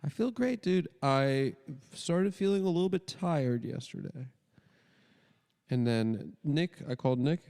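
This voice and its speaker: A man with a gravelly, mid-pitched voice throws in quick, dark one-liners on a podcast. His voice carries a long reverb tail, as if recorded in a lively room. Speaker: podcast co-host. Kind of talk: casual podcast banter.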